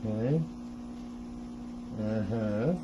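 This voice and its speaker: A man's voice: on the low side, drawn-out words, background noise. Chatty, laughing man hosting a tech tutorial. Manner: chatty, laughs often, talks to viewers. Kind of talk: casual step-by-step tech tutorial.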